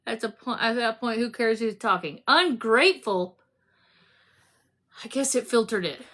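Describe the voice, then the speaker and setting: A woman hosting a casual book club discussion, animated and laughing as she acts out scenes. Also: fairly high pitch, normal speed.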